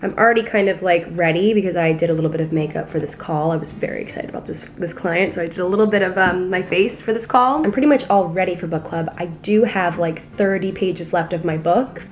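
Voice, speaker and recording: A woman's voice: fairly low pitch, fast talker, hardly any pauses. A young woman vlogging in a casual, candid and self-deprecating way, rambling through her thoughts at home. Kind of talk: casual confessional vlog talk. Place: apartment in the city.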